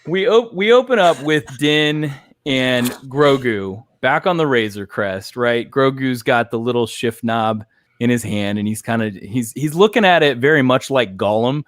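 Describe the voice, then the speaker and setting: A man hosts a casual reaction chat in a lively, sing-song way, his pitch swinging widely as he recaps scenes. He laughs often and slips into quick impressions of the characters. The sound is dry and close. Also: no echo. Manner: animated, laughs often, acts out characters' lines. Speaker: podcast host.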